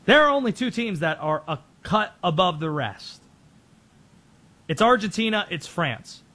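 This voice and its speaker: A man hosting a sports show, giving rapid-fire, opinionated commentary on football and soccer. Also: sits high, lively intonation, pushed and bright.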